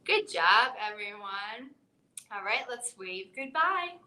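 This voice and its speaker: Woman librarian reading to kids, bright and sing-song, very slow, echoey library room. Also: medium pitch. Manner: expressive, sing-song, encouraging. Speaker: children's librarian. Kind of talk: live children's storytime read-aloud.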